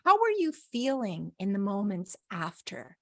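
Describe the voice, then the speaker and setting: Slow-talking, tearful, gushing woman host. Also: medium pitch, sing-song, a little mellow, dry recording. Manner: gushing, effusive, emotional. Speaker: podcast host. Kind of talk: interview podcast.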